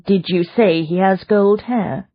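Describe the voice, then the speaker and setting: A woman reading an audiobook voices a calm, determined young Victorian heroine who speaks gently but firmly. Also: medium pitch, slow, muffled recording, pitched above the performer's own voice. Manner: gentle but firm, soothing. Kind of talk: audiobook character voice.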